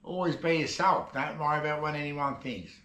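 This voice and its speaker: A man's voice: fairly high pitch, fairly quick, pushed and bright, reverberant. An Australian man telling jokes in a rambling, chatty way as a casual comedy vlogger. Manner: rambling, chatty joke delivery. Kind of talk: casual joke telling to camera. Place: shed.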